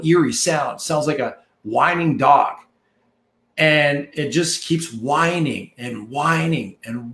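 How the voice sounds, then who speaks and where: A man's voice: a little high, fairly bright tone, roomy sound. A man coaching listeners in a punchy, preachy motivational monologue, repeating phrases for emphasis. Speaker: marketing coach.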